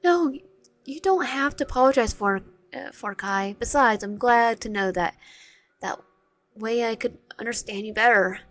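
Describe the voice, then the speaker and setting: A woman voicing a kind player character in a visual novel, speaking gently and reassuringly. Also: a little high, normal speed, lightly acted. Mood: comforting.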